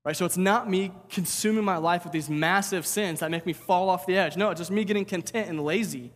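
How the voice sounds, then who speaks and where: A man's voice: high-pitched, fairly quick, in a large hall. A man preaching a sermon as pastor, talking casually, repeating words and asking "right?".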